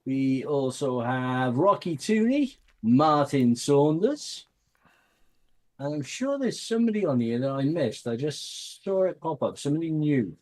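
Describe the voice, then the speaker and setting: A man's voice: on the high side, very animated, unhurried. A man from Wales co-hosting a casual chat, hesitant and stumbling, chuckling between words. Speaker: co-host.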